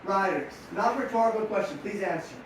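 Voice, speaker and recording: Man, high voice, middle-aged, lively coaching talk, echoey hall, a bit off mic. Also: brisk, noisy background. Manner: energetic, rhetorical questions to the audience. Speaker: sports mental coach. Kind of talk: motivational talk to young riders. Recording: echoey room, mic at a distance.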